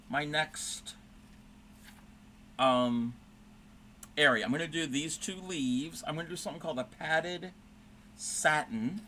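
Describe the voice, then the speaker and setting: This fairly high, bright voice belongs to a man running a crafting livestream, and his tone is forceful. While he stitches, he chats casually through a rambling story, using fillers and correcting himself. There's a slight hiss or hum.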